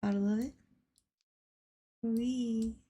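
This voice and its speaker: Woman streamer, high voice, unhurried, giggly, playful, casual swearing, faint music behind. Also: steady tone, warm tone, breathy edge. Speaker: livestreamer. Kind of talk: casual livestream commentary.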